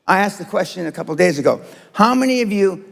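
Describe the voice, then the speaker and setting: A man's voice: high-pitched, lively intonation, fast talker, gravelly. A man in his seventies giving a blunt, profane motivational speech to a live seminar audience. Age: 70s. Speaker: motivational speaker. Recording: long hall reverb.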